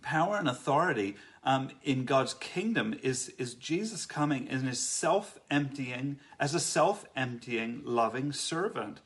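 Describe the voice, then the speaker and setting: A man giving an earnest, reflective faith talk, often pausing and restarting his sentences. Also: mid-range voice, lively intonation. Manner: earnest, halting, many restarts. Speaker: Christian speaker.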